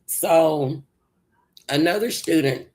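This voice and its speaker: Slow, rambling storyteller on a livestream. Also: medium pitch, darkish tone, low-quality recording. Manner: rambling, retells events with many restarts. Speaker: livestream host. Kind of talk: personal storytelling.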